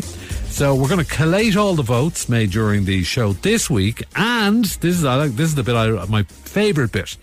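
A man with an Irish accent hosting a breakfast radio show in a bouncy, playful way. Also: mid-range voice. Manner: bouncy, playful, laughs easily. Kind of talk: upbeat radio presenting.

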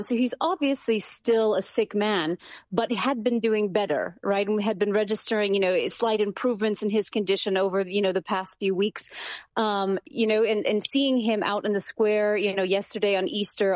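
A woman's voice: medium pitch, a little mellow, no echo. A woman Vatican correspondent speaking live from Rome in a news interview, filling her sentences with "um" and "you know". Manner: frequent fillers, many "you know"s. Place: remote line from Rome.

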